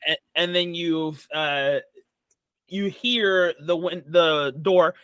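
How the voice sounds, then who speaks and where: A man narrating as dungeon master in a tabletop game, halting with many fillers and restarts. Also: on the high side, fairly even intonation, a bit bright, clear, resonant tone, dry recording.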